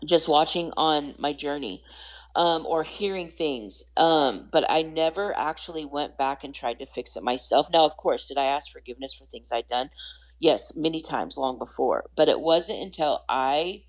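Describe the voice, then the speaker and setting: A woman with a very deep, low-pitched voice tells her personal story as a podcast guest. She sounds earnest and animated, and she laughs at herself as she goes. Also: moderate pace, rough recording. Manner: earnest, animated, self-deprecating humor.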